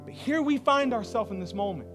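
A man's voice: extremely high pitch, expressive, brisk, music in the background. A man preaching a sermon as pastor, earnest and emphatic, in casual everyday speech.

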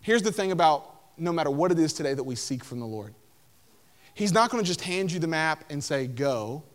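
A man's voice: on the high side, expressive, a little fast. A young man preaching a casual sermon, filling his talk with "like" and acting out the people in the story. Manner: conversational, lots of "like", acts out voices of Bible figures. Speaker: pastor.

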